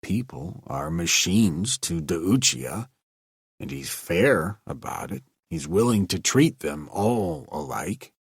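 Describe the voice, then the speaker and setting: A man voicing a gloomy old actor turned janitor, speaking quietly, weary and sour. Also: deep voice, sing-song, takes it slowly, breathy edge, no echo, studio quality, exaggerated voice.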